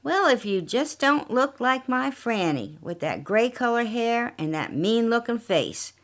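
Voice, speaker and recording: A quiet older husband with a falsely sweet, syrupy politeness, as a woman narrator voices him. He coos his lines gently, sly under the courtesy, like a character in a read-aloud mystery. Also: on the high side, big pitch swings, unhurried, voice pushed up.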